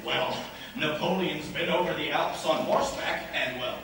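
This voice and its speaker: A male actor playing an excitable, bossy young college gentleman in a stage play, speaking theatrically, recorded from far off in an echoey hall. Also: a little high, moderate pace, vocal fry, slight background noise. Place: school stage in a large hall.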